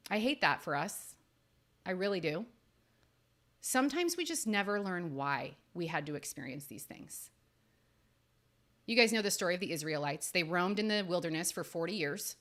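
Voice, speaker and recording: A woman in her thirties hosts a faith-based coaching podcast. Her voice is bright and lively, and it jumps up for emphasis as she speaks earnestly to her listeners. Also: normal speed, long pauses. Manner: earnest and emphatic, with sudden rises in pitch. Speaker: podcast host and life coach. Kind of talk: faith-based motivational talk.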